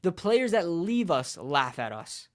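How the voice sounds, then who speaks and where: A man's voice: on the high side, big pitch swings, measured pace. A man hosting a sports channel, passionately arguing an opinion and repeating points for emphasis. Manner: passionate, repetitive, argumentative.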